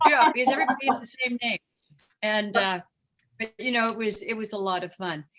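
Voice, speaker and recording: A woman's voice: a little high, fast talker, a bit bright. An older woman chatting as an interview guest, rambling with many fillers and slipping into voices when she quotes people. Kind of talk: casual chat.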